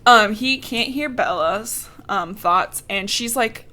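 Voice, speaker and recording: Bright-voiced woman recapping sarcastically. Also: medium pitch, slow. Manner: sarcastic, swears freely, quotes characters in mocking voices. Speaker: podcast co-host recapping a book. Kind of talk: casual chat.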